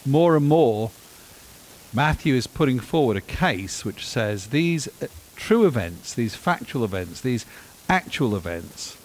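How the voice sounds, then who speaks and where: A male preacher delivers his sermon in an animated, emphatic way with dry humor. His voice sits in the middle range, and a faint hiss runs under the recording. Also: mid-range voice, rough recording.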